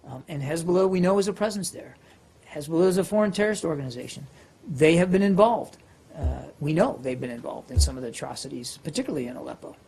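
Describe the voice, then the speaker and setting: A man's voice: on the high side, expressive, fast, gravelly, darkish tone, husky. A man briefing reporters as a government spokesperson, answering questions with many fillers and restarts.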